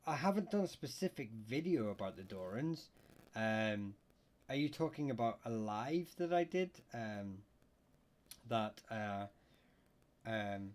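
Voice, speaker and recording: A man hosts a casual livestream and works through questions from his chat. He talks at an average pitch and fills the gaps with hesitations and false starts. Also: darkish tone. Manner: hesitant, many fillers and restarts; reads chat questions aloud. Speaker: livestream host answering viewer questions.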